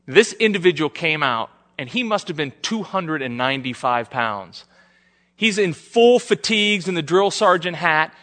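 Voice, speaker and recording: Forceful storytelling male preacher. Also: fairly high pitch, moderate pace, long reverb tail. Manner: animated storyteller, acts out the quotes. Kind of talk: sermon with storytelling.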